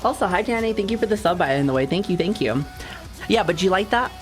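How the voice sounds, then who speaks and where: A woman's voice: mid-range voice, animated, fast, soft background music. A young adult woman chatting casually on a livestream, playful and joking, swearing and greeting viewers. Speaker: streamer.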